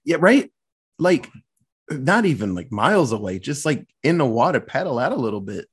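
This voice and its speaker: Husky podcast host, lively swooping voice, casual and profane. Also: mid-range voice, normal speed. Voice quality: profane, animated storytelling. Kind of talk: casual movie review chat.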